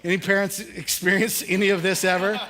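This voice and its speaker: Middle-aged male pastor, high tenor, relaxed storytelling sermon with humor. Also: fairly quick. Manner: casual, humorous storytelling with audience questions. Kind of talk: conversational sermon.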